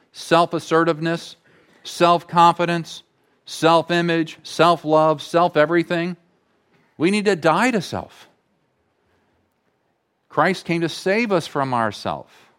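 A man preaching a sermon as pastor, slow and deliberate, repeating key phrases for emphasis. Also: on the high side, a bit bright.

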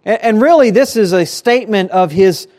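A man's voice: high-pitched, lively intonation, moderate pace, a little mellow. A man preaching a sermon as pastor, earnest, his voice rising and falling for emphasis, at times repeating words.

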